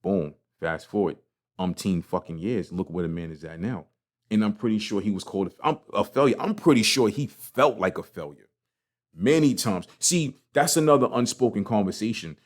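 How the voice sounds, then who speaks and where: Guy doing a motivational podcast rant, kinda low voice, swears a lot, stumbles and repeats. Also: animated, normal speed. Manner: passionate, profane, repeats himself. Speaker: podcast host. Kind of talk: casual motivational monologue.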